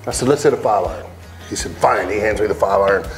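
A man's voice: on the low side, quick pace. A man telling loose, laughing stories and swearing freely as a guest, chatting casually while playing golf outdoors. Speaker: country singer, interview guest. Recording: faint music under the talk.

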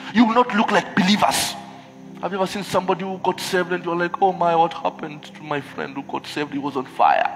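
A man preaches to a congregation, animated and quick to act out the people he quotes. His voice sits very high for a man. It carries through a reverberant church hall over soft background music. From Kenya. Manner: animated, switches into Swahili, acts out quoted voices. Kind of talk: sermon.

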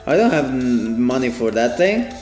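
A man hosting a let's play, commenting on a game with lots of excited exclamations and laughter. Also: mid-range voice, moderate pace, reverberant, faint music behind. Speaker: gaming channel host.

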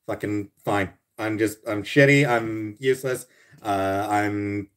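A man's voice: on the low side, slow pace, long pauses, fairly bright tone, clear, resonant tone. A man streaming live, chatting casually with his viewers and answering them by name, sarcastic and grumbling, with plenty of swearing. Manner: answers chat messages by name. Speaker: livestreamer answering chat.

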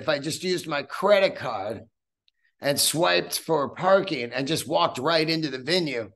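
Profane, animated middle-aged male podcast host. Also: on the high side. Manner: profane, rambling, animated storyteller. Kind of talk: casual storytelling monologue.

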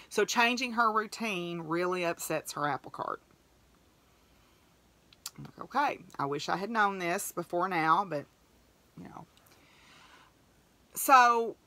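Lady podcaster, chatty and emotional, lowish voice but bright. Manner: chatty, emotional, acts out quoted dialogue. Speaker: podcast host. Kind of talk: casual storytelling monologue.

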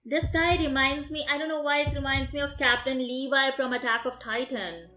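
Excited woman reacting over loud music. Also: high voice. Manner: exclaiming, rapid-fire questions. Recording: echoey room with loud music.

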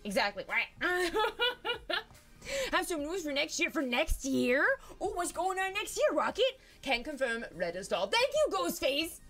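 Bubbly high-pitched woman streamer. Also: sing-song, slow, fairly bright tone, soft background music. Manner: bubbly, giggly, greets viewers as baby and dude. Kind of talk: casual live-stream chat with viewers.

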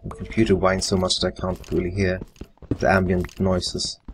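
A man's voice: deep voice, monotone, moderate pace, background noise. A man muttering and swearing casually while commentating his own live gameplay. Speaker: gamer. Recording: faint computer fan whine.

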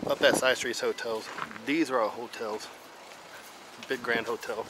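A travel vlogger with an American Midwest accent rambles casually through town streets and up to a hilltop, tired and out of breath from the uphill walk, using fillers and correcting himself. His medium-pitched voice is steady and unhurried. Traffic and street noise fill the outdoor recording.

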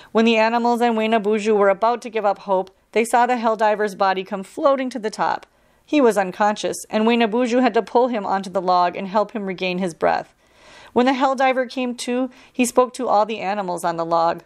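Woman park ranger, children's story reading: calm, steady, clear, mid-pitched. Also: brisk.

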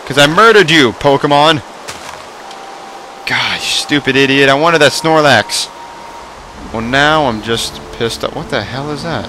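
A young man commentating a Minecraft Pokemon mod let's play, excitable, swearing and shouting at the game. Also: mid-range voice, measured pace, long pauses, noisy background. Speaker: gaming YouTuber.

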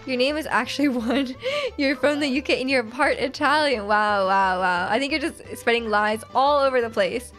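A woman's voice: on the high side, moderate pace, fairly bright tone, faint music behind. A young woman from Canada live-streaming a game, chatting with her viewers and laughing often. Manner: giggly, chatty, reads chat aloud. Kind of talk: casual live-stream chat while gaming.

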